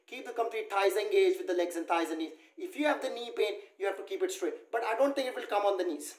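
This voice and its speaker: This live yoga class is led by a man with a high voice who talks fast. He firmly names the poses and counts the holds like a coach, sounding distant amid a roomy echo.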